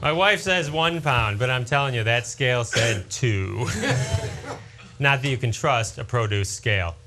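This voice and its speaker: A man's voice: medium pitch, unhurried, background noise. A man in his forties doing a stand-up comedy routine with punchy joke delivery.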